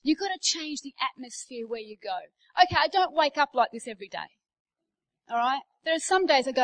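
A middle-aged Australian woman delivers a sermon in a church, her voice sitting a little high. She preaches with emphasis and drops into everyday anecdotes as she goes. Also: animated, fairly quick, poor audio. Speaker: guest preacher.

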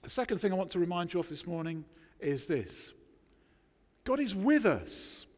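A man preaching a sermon, emphatic, with dramatic pauses between words. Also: sits high, sing-song, darkish tone, big-room sound. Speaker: pastor. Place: church.

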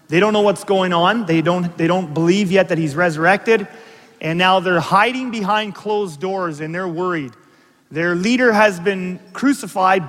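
A man with a high-sitting voice preaches a sermon as a pastor, and the sound has a big-room quality. He tells stories in an animated way, throwing in asides and putting questions to the congregation.

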